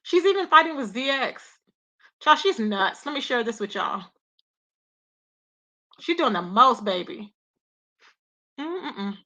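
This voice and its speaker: A woman's voice: on the high side, very animated, slow pace, long pauses, sharp tone, dull audio. A woman hosting a casual commentary stream, chatty and opinionated, talking straight to her viewers. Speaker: commentary livestream host. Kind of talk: casual drama commentary talk.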